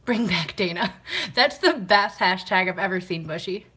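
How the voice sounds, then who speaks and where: Woman, bright voice, casual live-stream chat, greets viewers, answers comments, washing glasses while talking. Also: on the low side, animated, moderate pace, slightly rough. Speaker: vlogger hosting a live stream.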